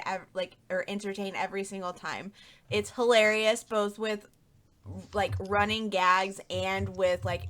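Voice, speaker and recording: A woman's voice: mid-range voice, fairly bright tone. A young woman hosting a manga book club podcast, chatting casually and rambling with lots of fillers. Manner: rambling, filler-heavy, laughs easily. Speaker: podcast host. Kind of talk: casual chat.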